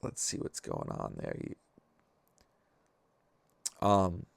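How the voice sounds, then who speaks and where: A man hosting a vlog in casual chat, reading viewer comments aloud with a wry, chatty manner. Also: slow pace.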